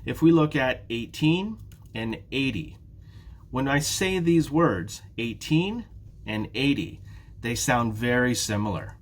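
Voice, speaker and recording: A man in a prerecorded English lesson for beginners, pacing himself so that students can follow. His voice sits at an ordinary middle pitch, and he says each example word more than once. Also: expressive. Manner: slow, careful, repeats words for students. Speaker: ESL teacher.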